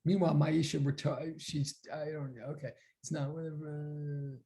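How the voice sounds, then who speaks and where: A man's voice: on the high side, moderate pace. A man teaching a physics class online, talking casually and animatedly, often reacting to the class chat. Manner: chatty, animated, reads chat aloud.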